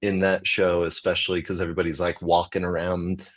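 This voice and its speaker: American man, lowish voice, chatty storyteller who acts out the people he quotes. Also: fairly quick. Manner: animated, acts out quoted voices, laughs often. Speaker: comedian guest. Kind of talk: casual storytelling chat.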